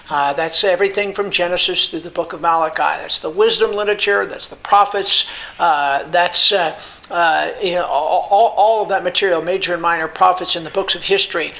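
A man preaching a Bible teaching sermon, explaining terms in an unhurried way with many pauses and emphatic repetition. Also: high voice, bright, forceful tone, low-quality recording.

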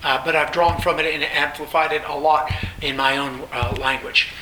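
A man's voice: a little high, little pitch movement, moderate pace, sharp tone, roomy sound, a little hiss or hum, rough recording. A man teaching a Bible lecture, explaining with repeated emphasis and frequent fillers.

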